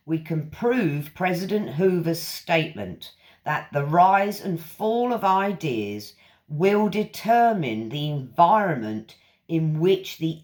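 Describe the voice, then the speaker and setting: A woman hosting a channel, reading lecture passages aloud and stopping to reflect on them. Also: fairly low pitch. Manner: reflective, stops to comment between quoted passages.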